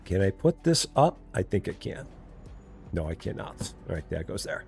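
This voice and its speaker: A man's voice: deep voice, very animated, moderate pace, vocal fry, darkish tone, faint music behind. A man streaming a game live, chatting and joking with his viewers. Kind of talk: casual live gameplay commentary.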